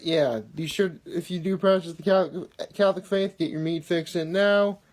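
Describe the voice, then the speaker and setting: Young male daily vlogger, slightly raised pitch, loose rambling delivery with lots of "you know". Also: darkish tone. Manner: rambling, many fillers and self-corrections. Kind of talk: casual rambling chat. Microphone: phone held in hand.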